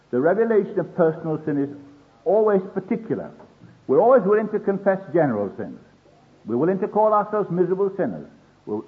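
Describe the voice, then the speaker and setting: An older man preaching a sermon in an earnest way, acting out the voices he quotes. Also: on the high side. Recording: tinny phone-like old sermon tape.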